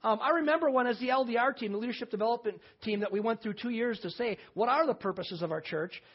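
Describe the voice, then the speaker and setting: A man's voice: extremely high pitch, quick pace. A middle-aged man, a pastor, preaching a sermon in an emphatic, conversational way with folksy humor. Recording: slightly dull lo-fi sermon recording.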